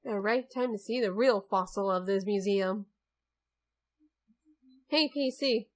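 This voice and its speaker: A woman's voice: mid-range voice, slow pace. A young woman giving casual, wisecracking commentary while she plays a video game. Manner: chatty and wisecracking about the game. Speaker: let's play gamer. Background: faint game music.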